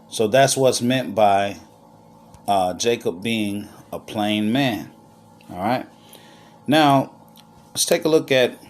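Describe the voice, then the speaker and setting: A man giving a scripture lesson as teacher, unhurried with pauses, checking in often with "all right?" and "okay?". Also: lowish voice. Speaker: Bible teacher.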